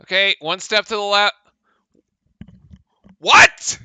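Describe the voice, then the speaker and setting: A man's voice: on the high side, lively intonation, unhurried, pushed and bright, no room sound. A young man streaming live fan commentary on a game, incredulous and exasperated, often restarting his sentences. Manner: exasperated, incredulous, laughing at calls, rambling restarts. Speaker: streamer doing live play-by-play.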